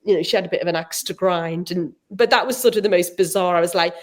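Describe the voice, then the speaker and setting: A middle-aged woman, an author, chatting as a guest and telling animated stories, acting out the people she quotes. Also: lowish voice, fast. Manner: animated storyteller, acts out quotes, frequent laughs. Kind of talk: casual chat.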